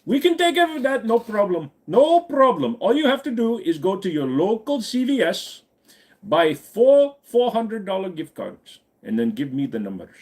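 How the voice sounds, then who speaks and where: A pushy tech-support scam caller with an Indian accent, put on by a man. His voice sits well above a normal speaking pitch and bounces up and down in a sing-song way. He keeps insisting he can help with everything. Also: very animated, normal speed, a little mellow. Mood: overeager. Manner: overly helpful, insistent.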